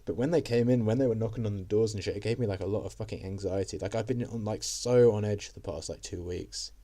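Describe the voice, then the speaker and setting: Low, dark-voiced young man rambling. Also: fast. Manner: rambling, heavy on fillers and swearing. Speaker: vlogger. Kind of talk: casual storytime monologue.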